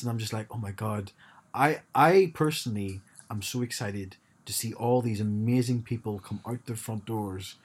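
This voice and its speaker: A man's voice: lowish voice, fairly quick, a little mellow, husky. A man co-hosting a casual chat podcast, talking hesitantly and often repeating words as he starts sentences. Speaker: podcast co-host.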